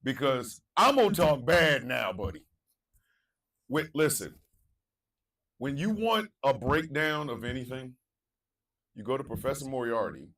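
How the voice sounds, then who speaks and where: A man hosting a morning talk show, animated, chanting hype calls and ranting, swinging between shouts and low asides. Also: distant mic, low-quality recording. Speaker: radio show host.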